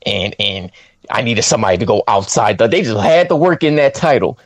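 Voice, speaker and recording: A man co-hosting a podcast, chatting casually about a film with slang and quick quoted asides. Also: no room sound. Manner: animated, swoops up high when quoting himself, slangy. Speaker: podcast co-host reviewing a film. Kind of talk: casual chat.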